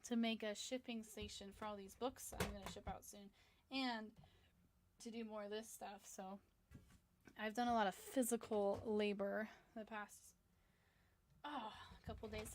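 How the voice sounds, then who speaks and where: A woman's voice: mid-range voice, steady tone, a little slow, background noise. A sleepy young woman talks casually while sketching, rambling through a long story. She fills her talk with "like" and "um" and sounds worn out. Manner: rambling storyteller, many fillers. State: sleepy, tired. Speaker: comic artist livestreaming a drawing session. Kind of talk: casual chat while drawing.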